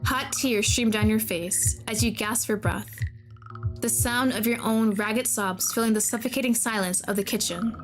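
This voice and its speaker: A woman's voice: a little high, moderate pace, faint music behind. A young woman streamer reading a horror game aloud, breaking in with dramatic, alarmed reactions.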